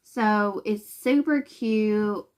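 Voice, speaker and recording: Chatting from home for her cross-stitch channel, a West Virginia woman speaks at medium pitch with drawn-out words and a darkish, clean tone. Her manner is talkative and a little self-conscious, sprinkled with fillers and laughter.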